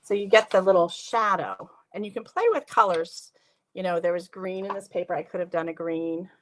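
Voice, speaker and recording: A woman's voice: fairly low pitch, normal speed, a bit bright. A woman hosting a live craft stream from her home craft room, chatting to viewers by name while she works. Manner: chatty, laughs often, talks to viewers by name. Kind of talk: casual live craft demo chat.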